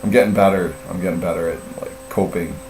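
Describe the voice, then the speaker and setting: A middle-aged man with a deep, steady, brisk and slightly mellow voice tells a rambling, profane story during a casual live-stream chat, filling it with fillers and self-mocking laughter. The recording sounds roomy, with a distant mic and a faint mains hum.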